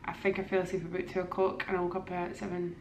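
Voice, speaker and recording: A woman's voice: lowish voice, completely flat delivery, quick pace, background noise. A woman with a Scottish accent, chatting enthusiastically to a handheld camera in a hotel room. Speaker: vlogger. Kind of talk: casual vlog chat. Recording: echoey room.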